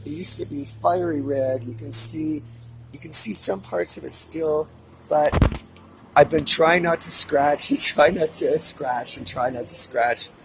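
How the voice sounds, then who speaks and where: A man's voice: fairly high pitch, measured pace, vocal fry, background noise. A man giving a weekly update to camera in an angry, profane rant. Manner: furious, profane ranting.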